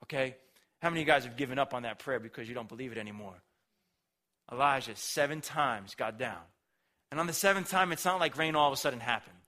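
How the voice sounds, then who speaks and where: A man's voice: mid-range voice, fast talker, sharp tone. A young man preaching a casual, slangy sermon, retelling a story and acting out the characters' voices.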